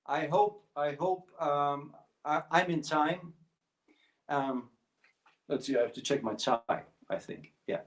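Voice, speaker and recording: A man's voice: fairly high pitch, slow. A man fronting a rockabilly livestream from home, bantering loosely between songs with plenty of laughs and filler words. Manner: loose, jokey and chatty, with frequent laughs and fillers. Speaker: rockabilly singer and guitarist performing a livestream show. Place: at home, streaming a virtual concert.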